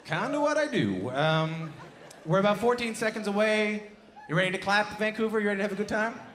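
A man's voice: high-pitched, lively intonation, a little fast, fairly bright tone, slight background noise. A man hosting a live radio show on a theatre stage, upbeat, joking and self-deprecating between segments. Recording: echoey theatre with crowd and music. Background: audience and music.

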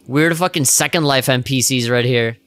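A man's voice: medium pitch, moderate pace, fairly bright tone, no echo. A man streaming a game, reacting with jokes, laughs and swearing in casual commentary.

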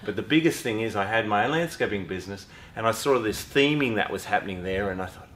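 Easygoing Australian man, fairly low voice. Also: animated, fast talker, few pauses, fairly bright tone, echoey room, slight background noise. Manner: easygoing, rambling storyteller. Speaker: business owner. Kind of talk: casual interview.

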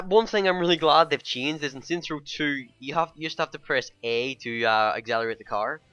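Fast-talking man rambling to viewers. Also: medium pitch, sharp tone. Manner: rambling, many fillers, keeps addressing viewers as guys. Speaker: gaming YouTuber. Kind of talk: casual game first-impressions vlog. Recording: dull lo-fi dry home mic.

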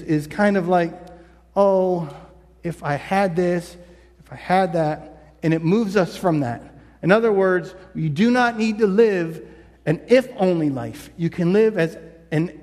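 A man delivers a sermon with a high voice in a lingering, echoing church hall. He preaches conversationally and acts out short quoted lines along the way. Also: a little mellow. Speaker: pastor. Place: church sanctuary.

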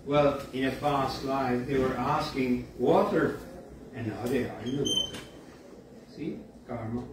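A man giving a university lecture in a storytelling way, often pausing with fillers and asides like "you see.". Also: medium pitch. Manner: conversational, frequent "you see" and filler pauses. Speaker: guest lecturer. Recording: echoey hall from far off, faint background noise.

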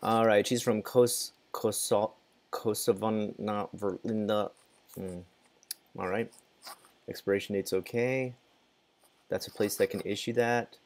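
A man's voice: on the low side, steady tone, a little slow, pauses often, a little mellow, slight background noise. A man casually commenting as he plays a game, muttering, reacting and sometimes swearing. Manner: mutters and reacts while playing, swears, laughs. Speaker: gaming channel host.

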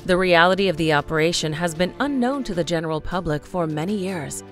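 Narrator, female, low-ish register, even scripted list reading over light music. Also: fairly quick.

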